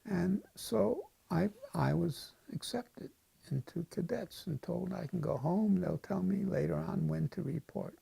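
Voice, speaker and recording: Give me a wry older man in his eighties, husky and rambling, recorded dry. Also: high-pitched, a little slow, warm tone, no room sound. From United States. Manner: wry, anecdotal, wandering. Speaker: interviewee. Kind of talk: casual storytelling.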